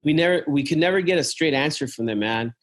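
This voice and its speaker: A man's voice: fairly high pitch, animated, fast talker. A travel business owner talking casually about his company, with frequent fillers, restarts and "man". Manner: rambling, many fillers and restarts; uses "man" and "dude" often.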